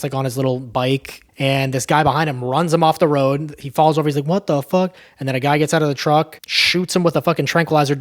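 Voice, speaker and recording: Man, movie recap, casual, swears a lot, lots of fillers, mid pitch. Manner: loose, profane storytelling with fillers.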